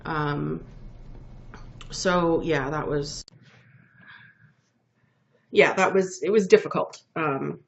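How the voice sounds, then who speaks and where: Sniffling through a head cold, this woman speaks low with vocal fry, stretching her words and pausing often as she presents her completed knitting on a casual podcast. Her show-and-tell chat wanders, full of ums and self-corrections. Faint background noise runs under a dull, lo-fi home recording.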